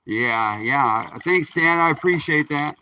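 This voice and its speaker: A man's voice: on the high side, expressive, slow pace, sharp tone. A man from Michigan chatting casually and folksily while fishing from a kayak on a creek during a live stream. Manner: laid-back, chatty, folksy. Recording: distant mic outdoors with faint noise.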